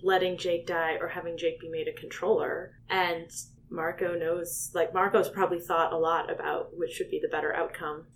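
A woman co-hosting a casual book discussion, chatty and musing, quick to laugh. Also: on the low side, level tone, a little hiss or hum. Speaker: podcast co-host. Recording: voice somewhat distant from the mic.

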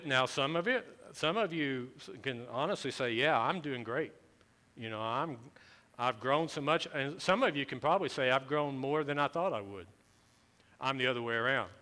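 A man delivers a sermon in a bright, forward voice at a mid pitch. He talks to the congregation conversationally, asking questions and circling back to the same phrases. His intensity climbs as he presses each point. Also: clear, resonant tone. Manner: repetitive, building emphasis with rising intensity. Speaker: pastor.

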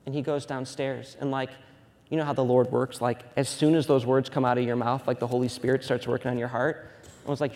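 A man in his thirties preaching a sermon as a pastor, moving between loud emphatic preaching and quiet, hushed storytelling. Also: mid-range voice, flat delivery, a little fast, gravelly, long reverb tail. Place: church sanctuary.

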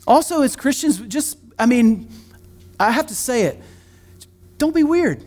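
A middle-aged man, a pastor, preaching a sermon in a church in a conversational, joking way with quick asides. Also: very high voice, expressive, a little mellow. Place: church sanctuary.

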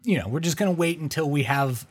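A man's voice: on the high side, expressive, fast talker, breathy edge. A man co-hosting a podcast in casual chat, speaking thoughtfully and hedging his points. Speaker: podcast co-host.

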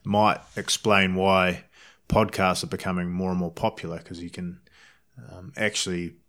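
A male podcast host with a very deep, low voice. He talks in a relaxed, hesitant way, leaning on fillers as he leads the chat. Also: normal speed. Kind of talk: casual interview chat.

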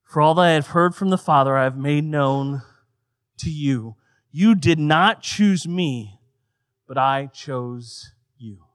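Male pastor, 30s, pitched a bit high, animated sermon delivery with soft quiet turns. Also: takes it slowly, clean tone. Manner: animated preaching, swings between loud emphasis and soft, quiet passages.

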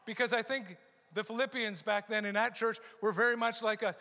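A man's voice: sits high, steady tone, a little fast, pushed and bright. A middle-aged man preaching a sermon as pastor, emphatic and repeating his key phrases. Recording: long hall reverb.

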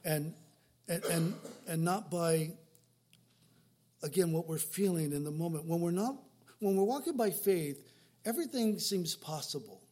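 A man's voice: on the high side, a little slow, long pauses, darkish tone. A man in his sixties preaching a sermon in a church, speaking conversationally and putting rhetorical questions to the congregation. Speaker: pastor. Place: church sanctuary.

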